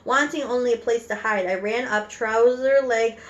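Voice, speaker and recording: A woman reading a children's book aloud with animated storytelling and occasional slips. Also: fairly high pitch, moderate pace, lo-fi sound. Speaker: reader.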